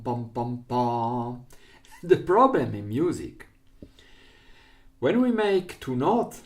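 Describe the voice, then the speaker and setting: A man teaching recorder in English, chanting rhythm syllables and explaining in a slow, patient way. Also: medium pitch. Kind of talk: music lesson, counting rhythms aloud.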